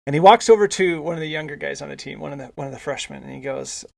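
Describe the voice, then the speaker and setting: A man's voice: a little high, fast, gravelly, a little mellow. A male podcast host telling a casual anecdote, rambling with frequent restarts and repeated words. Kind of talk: casual storytelling.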